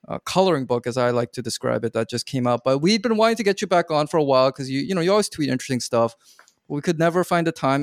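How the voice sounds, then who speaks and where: A man's voice: a little high, dry recording, clean studio sound. A man hosting a podcast, introducing a guest in a friendly, casual way with lots of filler words. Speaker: podcast host. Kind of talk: casual chat.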